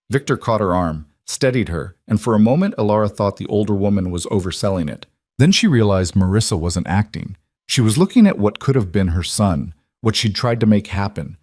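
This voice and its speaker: A man narrating a dramatic story in a calm, even reading voice. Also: fairly low pitch, dry recording, studio quality.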